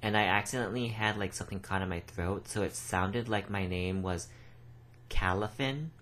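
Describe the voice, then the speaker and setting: A man's voice: sits low, steady tone, brisk, a bit bright, slight background noise. A man co-hosting a podcast, chatting casually in a rambling way and swearing now and then. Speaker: podcast co-host. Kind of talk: casual chat.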